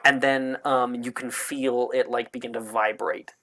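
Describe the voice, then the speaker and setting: A man narrating a tabletop game as game master, slow and halting, full of fillers and little laughs. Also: mid-range voice, fairly even intonation, bright, forceful tone.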